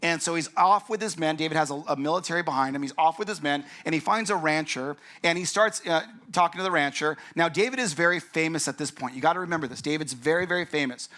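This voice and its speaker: Bright-voiced, jokey male pastor. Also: a little high, quick pace, few pauses. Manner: joking and conversational, acts out characters' lines. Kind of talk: casual conversational sermon.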